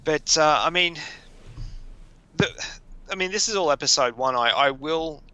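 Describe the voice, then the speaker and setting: A man's voice: fairly high pitch, moderate pace, bright, forceful tone, clean tone, dull audio. A man co-hosting a podcast, chatting casually, laughing often and acting out quotes. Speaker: podcast co-host. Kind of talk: casual chat.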